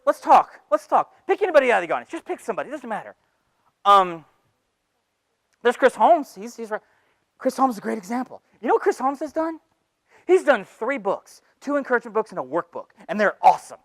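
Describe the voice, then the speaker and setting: Man doing a high, mocking inner voice of fear, sarcastic and taunting, dry sound. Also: fairly bright tone, no echo, exaggerated voice. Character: sneering inner voice of fear, male, belittling. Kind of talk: comic stage monologue.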